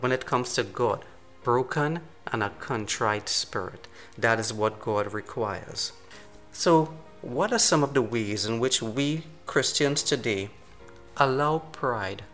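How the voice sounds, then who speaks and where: A man's voice: medium pitch, fairly bright tone. Male preacher, earnest sermon delivery, faint music underneath. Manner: earnest, slows down for emphasis.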